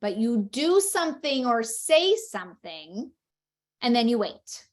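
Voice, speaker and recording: A woman's voice: a little high, bright, forceful tone. A woman explaining a book-reading method to parents in a patient, instructional way, acting out short read-aloud examples. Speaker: speech-language educator.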